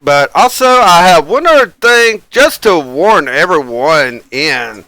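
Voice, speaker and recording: A man hosts a live tabletop game stream in a casual, rambling way, laughing now and then and leaning on fillers. His voice is bright and smooth, a little high for a man, and sits dry and close with no room around it. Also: expressive, slow pace, dry recording. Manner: rambling, chuckles often, many fillers. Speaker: game master and stream host.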